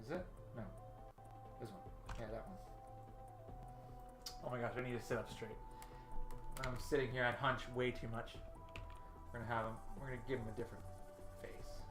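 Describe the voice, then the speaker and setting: Faint game music plays behind this livestream host, whose recording carries a roomy echo. Speaking at a moderate pace in a medium-pitched voice with frequent pauses, he storyboards while thinking out loud and chats with viewers, often joking at his own expense.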